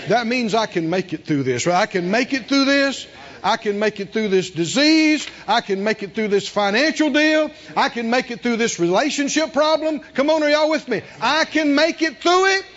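A man's voice: very high voice, lively intonation, normal speed, fairly bright tone, dull audio. A man preaching a sermon, emphatic and repeating his phrases, with call-and-response to the congregation. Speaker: pastor.

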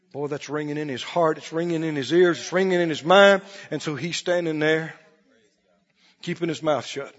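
A man preaching a sermon, swinging between soft asides and loud exclamations. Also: on the high side, normal speed. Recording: reverberant hall, dull lo-fi sound.

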